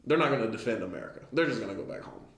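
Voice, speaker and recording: A man's voice: fairly low pitch, lively intonation. Casual male Bible teacher in a roomy space. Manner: casual, keeps asking "right?" to check in with listeners; reads old scripture slowly and with emphasis. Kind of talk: informal Bible lesson with scripture reading.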